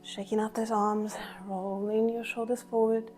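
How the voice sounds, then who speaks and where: A woman's voice: fairly high pitch, little pitch movement, a little slow, a little mellow. Woman coaching a workout over faint music. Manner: counts reps and cues breathing while exercising along. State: a little out of breath. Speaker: pilates instructor. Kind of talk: workout class instruction.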